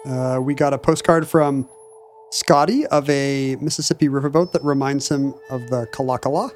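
A man co-hosting a podcast, riffing quickly and wryly in casual chat. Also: mid-range voice, steady tone, darkish tone, soft background music. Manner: quick, wry, talkative riffing. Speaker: podcast co-host.

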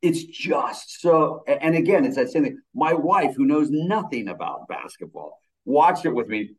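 A man's voice: a little high, normal speed, poor audio. An older man, a film director, chatting casually in an interview and telling stories with enthusiasm. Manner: animated, enthusiastic storyteller.

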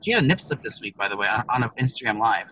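A man co-hosting a comedy podcast, rambling through crude stories with loud, profane rants. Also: mid-range voice, sing-song, very fast, a little hiss or hum. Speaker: podcast co-host. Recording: distant from the mic.

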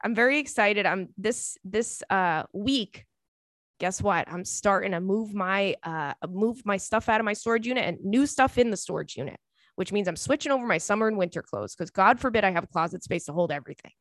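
A woman hosting a podcast in casual chat, an animated, chatty storyteller who breaks into playful squeals. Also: medium pitch, fairly quick, no echo, clean studio sound. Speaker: podcast host.

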